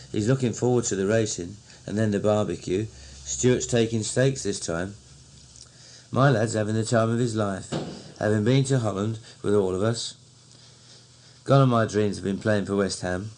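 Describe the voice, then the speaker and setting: A man with a Cockney accent, slowly and fondly recounting old memories in a recorded diary. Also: lowish voice, darkish tone. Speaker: narrator.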